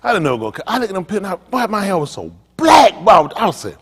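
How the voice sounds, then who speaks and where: Brief: older male pastor, joking storyteller, high-ish and very animated, long reverb. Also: racing, hardly any pauses, slightly rough. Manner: animated, teasing, loose and joking. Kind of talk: comedic storytelling to a group.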